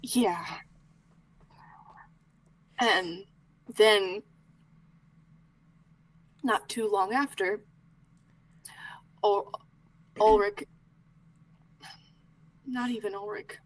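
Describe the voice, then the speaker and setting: A woman playing Arlo, a grieving young man, talking in halting, pleading bursts that sink to whispers. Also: mid-range voice, fairly even intonation, low-quality recording.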